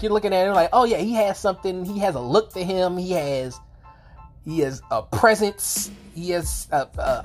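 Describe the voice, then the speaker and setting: A woman's voice: low-pitched, darkish tone. A woman with a sore throat giving a rambling, casual movie review, swearing freely and restarting her sentences.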